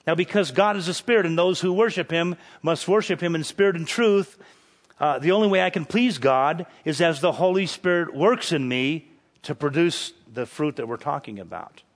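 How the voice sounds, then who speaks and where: A man's voice: on the high side, normal speed. A man preaching a sermon, with rhetorical questions and emphatic peaks that climb on key phrases. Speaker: pastor.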